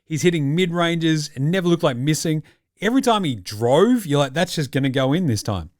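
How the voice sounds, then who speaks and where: A man's voice: a little high, animated, brisk, dry recording, studio quality. An Australian man hosting a casual sports reaction podcast, talking in a blunt, jokey, profane way. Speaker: podcast host.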